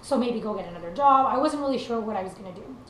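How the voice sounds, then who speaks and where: Young woman from Canada, earnest motivational chat, a bit high, echoey room with faint hiss. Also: lively intonation, rapid-fire, a bit bright. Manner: earnest, conversational, many fillers. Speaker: country singer sharing a motivational message. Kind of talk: casual motivational monologue.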